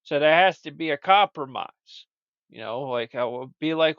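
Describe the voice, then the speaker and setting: A man's voice: on the high side, lively intonation, moderate pace, a bit bright, smooth, dry recording. A man hosting a comedic show, rambling and stammering as he chats. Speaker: show host. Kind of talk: comedic podcast chat. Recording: dull, lo-fi dry recording.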